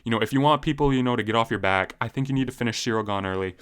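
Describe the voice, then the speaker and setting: A man's voice: mid-range voice, very fast, fairly bright tone, smooth. A young man giving profane, heated, casual commentary on fighters, full of slang and fillers. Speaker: MMA commentary YouTuber.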